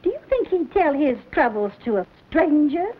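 Scolding older frontier mama, high swooping voice, tinny old audio. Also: female voice, sing-song, normal speed. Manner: sharp, scolding, rustic. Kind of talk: 1950s TV western acting. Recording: tinny, lo-fi 1950s TV soundtrack.

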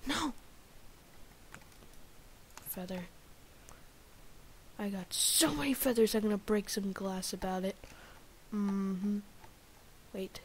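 Excitable Indian woman gaming, muttering. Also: mid-range voice, takes it slowly, pauses often, a little hiss or hum. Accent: Indian English. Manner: excitable, mutters and whispers to herself between outbursts. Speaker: gamer. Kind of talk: let's-play commentary.

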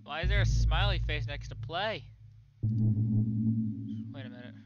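A man's voice: mid-range voice, expressive, slow pace, a little mellow, lo-fi sound, soft background music. A young man commentating a horror game, jittery and jokey, chatting to the monster chasing him. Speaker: gaming YouTuber.

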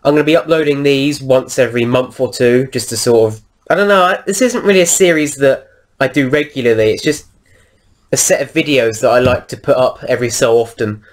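Man hosting a gameplay video, mid pitch, rambling casual commentary while he plays. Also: fairly quick. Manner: rambling, lots of ums and restarts while he plays.

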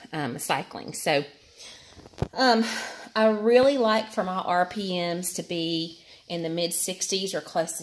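Woman, out of breath, candid vlog chat, slightly low voice. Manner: chatty, candid, many fillers. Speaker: vlogger. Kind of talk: casual talk to camera while cycling.

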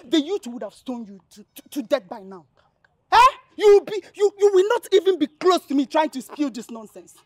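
A woman's voice: sits high, sing-song, fairly quick, no room sound, clean studio sound. A fiery Nigerian village girl. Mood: defiant. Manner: loud, defiant, scolding. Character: fiery young village woman fending off a suitor. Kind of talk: Nollywood film acting.

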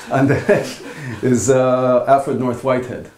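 A man delivers a philosophy lecture at an academic workshop, his voice sitting at an ordinary middle pitch. He talks haltingly and thoughtfully, pausing often as he builds his points. The recording carries the roomy echo of a lecture hall. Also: flat delivery, a little mellow. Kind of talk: academic conference talk.

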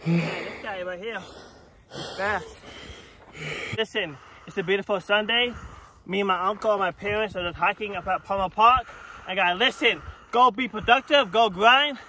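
A man's voice: high-pitched, moderate pace. A male vlogger talking straight to his viewers outdoors in a park, hyped and motivational. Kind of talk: casual vlog chat. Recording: faint outdoor noise.

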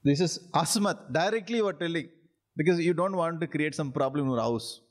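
A man with an Indian English accent, a spiritual teacher giving an interactive scripture class. He keeps checking that his listeners follow, chuckles often, and draws out Sanskrit phrases slowly when he recites them. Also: on the high side. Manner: repeats checks like "are you getting it?", chuckles often.

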